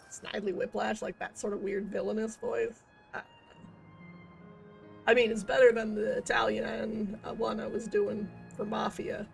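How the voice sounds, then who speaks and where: A woman's voice: medium pitch, little pitch movement, a little slow, vocal fry, faint music behind. A woman streaming a game, rambling in casual commentary with goofy wordplay and self-mocking jokes.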